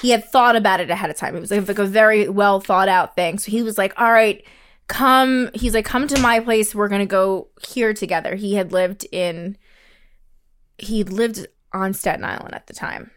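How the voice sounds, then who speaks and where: A woman co-hosting a podcast, telling a story in casual chat, animated, acting out quotes, swearing and laughing often. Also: mid-range voice, normal speed. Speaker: podcast co-host.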